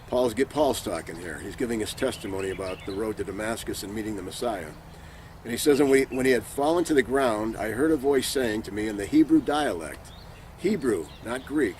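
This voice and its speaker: A man with a somewhat low voice leads an informal Bible teaching, earnest and emphatic as he reads passages aloud and comments on them. A faint hum of background noise sits under the recording. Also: darkish tone.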